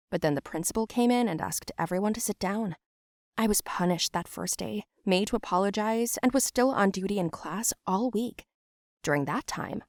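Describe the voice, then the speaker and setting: A young woman giving scripted first-person narration for an animated story, in a plain, matter-of-fact way. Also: mid-range voice, no echo, clean studio sound.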